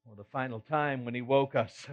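A man's voice: mid-range voice, steady tone, normal speed, close to an everyday voice. Peter, a man playing the remorseful apostle. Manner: earnest, emotional retelling with sighs and rueful laughs. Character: remorseful apostle Peter, adult man, earnest and self-reproaching. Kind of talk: first-person dramatic monologue. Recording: slightly muffled recording.

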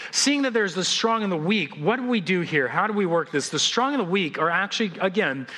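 High, bright-voiced pastor, animated sermon storyteller, trips over and restarts words. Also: male voice.

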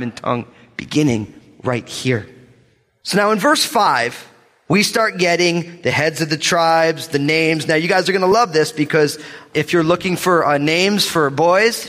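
A man preaching a sermon as pastor, animated and joking, calling the congregation for amens. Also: fairly high pitch. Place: church sanctuary. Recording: long reverb of a church hall.

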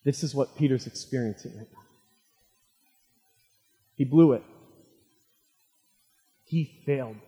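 A man preaching a sermon, retelling a story dramatically and swinging from loud, fervent lines to hushed ones. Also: mid-range voice, takes it slowly, pauses often, husky, faint music behind. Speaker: pastor. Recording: long hall reverb.

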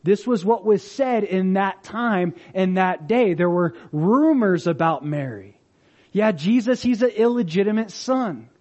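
A man's voice: high voice, dark tone. A man preaching a sermon as pastor, telling stories animatedly and acting out the voices of the people he quotes.

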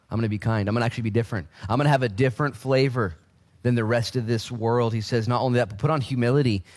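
A man in his thirties preaching a sermon as pastor, with joking asides and acted-out voices. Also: medium pitch.

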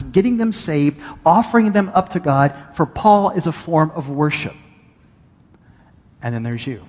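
A man's voice: fairly high pitch, a little mellow, slightly rough, big-room sound. A male pastor giving a conversational sermon, reading and paraphrasing scripture with emphasis.

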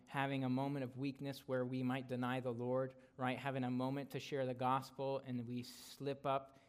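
Man, guest preacher, conversational sermon, mid-pitched voice, "right?" tags, rises on emphasis. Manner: grows louder and higher on emphasis, drops soft to close a point. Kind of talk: expository sermon.

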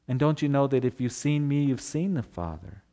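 A man voicing a gentle, patient male teacher who speaks softly with a slightly disappointed tone. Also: mid-range voice, lively intonation, moderate pace, natural voice. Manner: soft, gentle, pleading.

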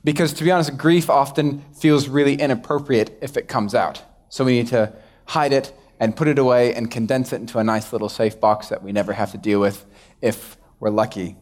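A man's voice: medium pitch, fairly even intonation, fairly quick, darkish tone. Young male pastor, conversational sermon delivery, light self-mocking humor, everyday mid-range voice. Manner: casual, self-deprecating, acts out quoted dialogue.

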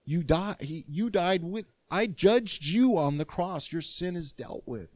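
A man's voice: high-pitched, a little slow, no echo, pitched above the performer's own voice. A man voicing God as a loving, eager male figure in a sermon. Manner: warm, pleading, excited.

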